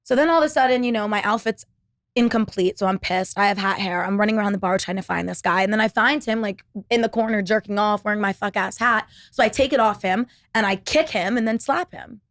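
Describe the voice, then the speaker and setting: A young woman talks through a casual solo podcast, drifting from story to story with endless "like"s and plenty of swearing. Her voice sits at an ordinary middle pitch, recorded close and dry with no room sound. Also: brisk, dry recording. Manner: rambling, profane, lots of "like" fillers. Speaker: podcast host. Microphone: laptop setup.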